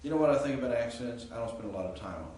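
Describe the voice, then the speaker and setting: The Greek teacher, medium-pitched with a darkish tone, talks rapid-fire and animatedly as he walks students through grammar and asks them questions. Fillers crop up often, and the distant-mic recording of the echoey classroom carries a little hiss or hum.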